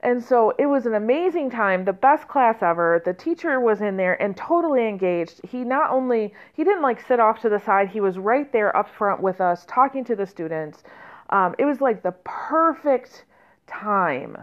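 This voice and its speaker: A woman trainer telling a personal story in a conversational way, with fillers and restarts and lively quoted speech. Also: medium pitch, normal speed, dull audio. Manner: conversational, many fillers and restarts, animated quoting.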